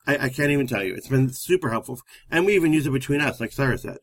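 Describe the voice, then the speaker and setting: A man co-hosting a relationship advice talk, telling stories in an animated, emphatic way. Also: medium pitch, rapid-fire, no echo. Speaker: relationship counselor co-host. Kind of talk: casual advice chat.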